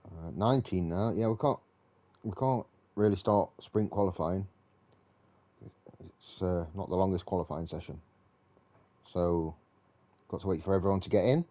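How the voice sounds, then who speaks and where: A man with a low, mellow voice gives live racing league commentary. He talks in a relaxed, chatty way and thinks aloud between updates. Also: moderate pace, long pauses.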